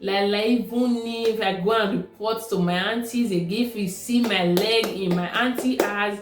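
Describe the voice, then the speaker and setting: A woman's voice: medium pitch, normal speed. A woman with a Nigerian accent telling a personal story in a casual, conversational way. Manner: conversational, repeats herself. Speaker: vlogger. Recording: echoey room with faint music.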